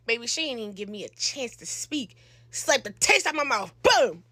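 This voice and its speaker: A young woman, telling a slangy, animated storytime into a close phone mic. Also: a little high, moderate pace, no echo. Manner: animated, slangy, acts out quotes with loud shouts. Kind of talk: storytime monologue.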